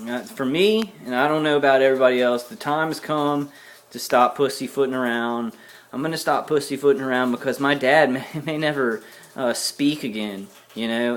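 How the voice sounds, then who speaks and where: A worn-out man ranting angrily to camera in a vlog, repeating himself and cussing. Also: mid-range voice. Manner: agitated, repetitive, cussing, ranting. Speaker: vlogger. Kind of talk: angry personal rant to camera.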